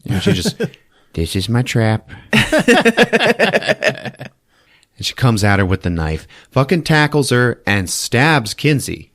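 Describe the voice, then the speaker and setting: Speaking at medium pitch, this man takes his time and pauses often. He hosts a podcast, casually recapping a horror film with plenty of swearing and laughter, acting out scenes in different voices with lots of energy.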